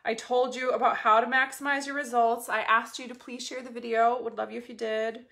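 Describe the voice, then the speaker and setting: A woman coach talking casually and bluntly to her viewers, swearing freely and in an animated way. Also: on the high side, a little fast, creaky. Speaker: business coach. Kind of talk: casual motivational talk to viewers.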